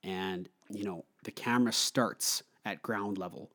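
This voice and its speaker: A man's voice: on the low side, steady tone, unhurried, bright, forceful tone. A young man casually talking through a film review, chatty with frequent fillers and laughter. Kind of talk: casual movie review monologue.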